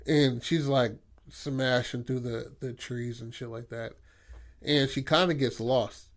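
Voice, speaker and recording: A male podcast co-host talks through a story idea in a loose, rambling way. He swears freely and leans on fillers like "like" and "you know". His voice sits at an average pitch. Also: fairly even intonation, takes it slowly. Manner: rambling, profane, filler-heavy. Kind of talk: casual brainstorming chat.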